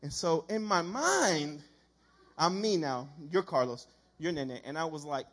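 A man delivers a sermon as a lively, conversational story and slips into the voices of the people he quotes. His voice is husky and sits fairly high for a man. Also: measured pace. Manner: conversational, animated, acts out quoted dialogue. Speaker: preacher.

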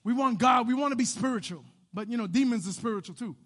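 A man pastor preaching a sermon, swinging between loud animated bursts and hushed quiet passages. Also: very high voice, fast talker.

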